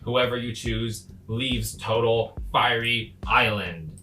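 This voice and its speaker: Man doing a stiff, slow-paced announcer. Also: mid-range voice, steady tone, pushed and bright, soft background music. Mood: formal. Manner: slow, awkward cadence. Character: stiff, formal game-show announcer.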